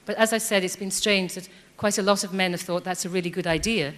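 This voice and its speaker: A woman's voice: fairly low pitch, fairly even intonation, quick pace, a bit bright. A woman in her fifties speaking from the floor at a debate, earnest and hesitant. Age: 50s. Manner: earnest, hesitant with many ums. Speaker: audience member. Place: large hall. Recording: long hall reverb.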